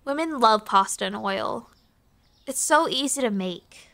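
Bright, high-voiced young woman streamer. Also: animated, unhurried, vocal fry. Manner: playful, crude, talks to customers in the game. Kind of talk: live game-stream commentary.

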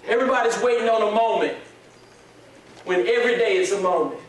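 A man preaching a sermon as pastor, moving from quiet pleading to shouted prayer. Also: high-pitched, quick pace. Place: church sanctuary. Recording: echoey church hall, mic at a distance.

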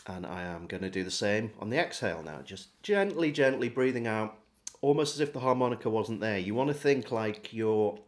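A man giving a relaxed, step-by-step beginner harmonica lesson. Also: on the low side, fairly quick. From England. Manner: friendly, relaxed step-by-step demonstrating. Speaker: harmonica teacher. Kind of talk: casual video lesson.

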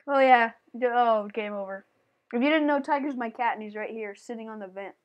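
A woman playing a platform game on camera, chatting playfully and breaking into shrieks and yells as she plays. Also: on the high side, steady tone, brisk, muffled recording. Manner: playful, talks to the game and her cat. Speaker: gaming channel host. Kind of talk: let's play commentary.

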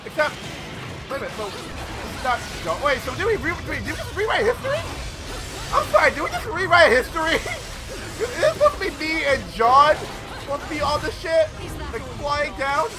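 Shouty, high-voiced gameplay commentator. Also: male voice, sing-song, normal speed, crowd noise. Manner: loud, profane, yelling reactions. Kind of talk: excitable let's-play commentary. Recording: game audio with music behind.

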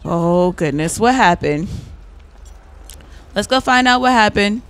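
A woman's voice: medium pitch, animated, takes it slowly, fairly bright tone, smooth. A young woman giving casual, chatty commentary as she plays a video game, exclaiming and talking straight to her viewers. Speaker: gaming YouTuber.

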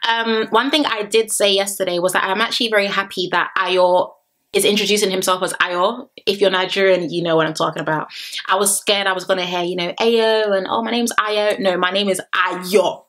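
A woman with a mid-range voice reviews a reality show while chatting casually to camera at a brisk pace. She's playful and animated, stretching out and singing words for effect.

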